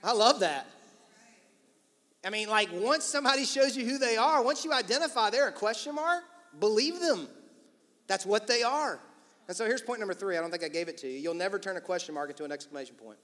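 A male pastor preaching an energetic, emphatic, encouraging sermon in church. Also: sits high, brisk. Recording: long church-hall reverb.

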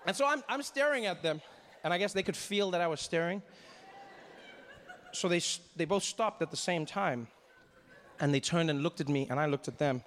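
A man's voice: a little high, lively intonation, moderate pace, fairly bright tone, big-room sound, a little hiss or hum. A man performing stand-up, telling a story animatedly and acting out the people in it. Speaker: stand-up comedian.

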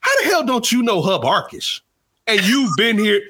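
A man hosting casual sports talk, animated and rambling, jumping from loud outbursts to low asides. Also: moderate pace, breathy edge. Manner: rambling, restarts often.

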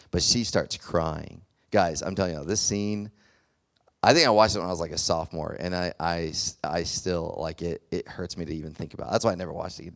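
A man's voice: low-pitched, clear, resonant tone. A young man giving a casual, conversational sermon, rambling with many fillers and restarts. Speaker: preacher.

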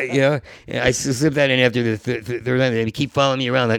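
Gravelly, stammering comic storyteller man. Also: medium pitch, steady tone, fast talker, fairly bright tone, no room sound. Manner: stuttering repetitions, jumping into character voices. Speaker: comedian guest.

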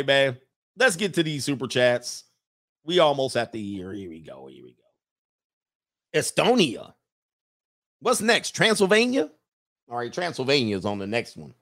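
A man's voice: medium pitch, no echo, clean studio sound. Joking man hosting reaction commentary. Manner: joking, animated, laughs often. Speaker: host.

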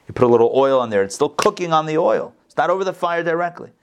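A man giving an informal Torah class, animated, repeating phrases and answering his own questions. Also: on the high side, fast, gravelly, clean tone. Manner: coughs, gets excited.

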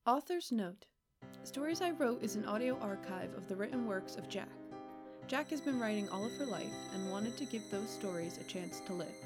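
A woman's voice: medium pitch, expressive, normal speed. Earnest woman podcast host. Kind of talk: scripted announcement. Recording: loud background music.

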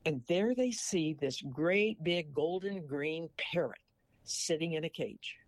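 A man in his eighties from Missouri speaks in a fairly high, expressive voice at a slow pace, with no echo. Chatting casually in a folksy manner, he tells an old joke that ends with a moral.

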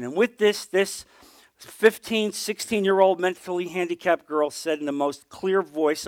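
A middle-aged man leads a Bible class in an earnest, storytelling manner. His voice sits high for a man, and he often drops to a soft, low hush at moving points. The sound is dry and close. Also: moderate pace, no echo. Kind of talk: conversational Bible teaching with personal testimony.

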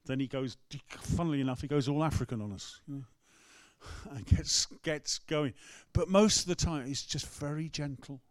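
An English rector tells a personal story from the pulpit in an easy, conversational sermon. His voice sits a little high for a man. The sound is close and dry, with no room echo. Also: normal speed, few pauses. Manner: storytelling, conversational, acts out quotes. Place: church.

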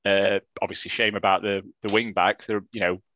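Low-voiced chatty man. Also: flat delivery, brisk, fairly bright tone. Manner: chatty, self-mocking, drifts into a put-on voice. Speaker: podcast co-host. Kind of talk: casual football chat.

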